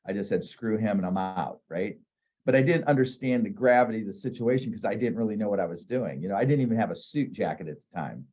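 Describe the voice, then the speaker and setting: A man's voice: fairly low pitch, warm tone, highs cut off. A man in his fifties from northeast Ohio, a real estate agent telling candid, self-deprecating stories in a casual interview.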